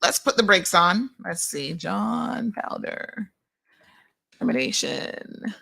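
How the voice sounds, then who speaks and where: A middle-aged woman hosting a live commentary, talking in a sarcastic and animated way. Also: medium pitch, slow pace, gravelly. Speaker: host.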